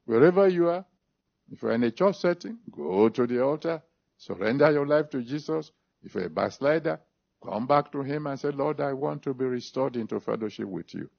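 Gravelly man preaching a fiery sermon. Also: animated. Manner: emphatic preaching with big pitch swings, slow drawn-out phrases. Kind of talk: sermon with altar call and prayer. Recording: dull lo-fi recording.

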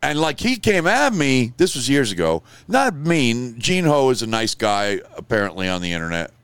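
A man's voice: medium pitch, sing-song, moderate pace, clear, resonant tone, no room sound. Rambling, profane older male show host. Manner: profane, rambling, swings from mutter to loud outburst. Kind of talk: casual ranting monologue.

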